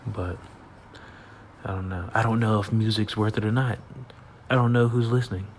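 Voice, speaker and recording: A man talks into his phone late at night for his solo podcast, his voice sitting low as he rambles and chuckles. He sounds sleepy and unhurried, padding his thoughts with fillers. A faint hiss runs under the recording. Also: fairly even intonation. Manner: rambling, laid-back, laughs often, trails off with fillers. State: sleepy, yawning. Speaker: podcast host. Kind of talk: casual solo podcast monologue. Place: at home at night.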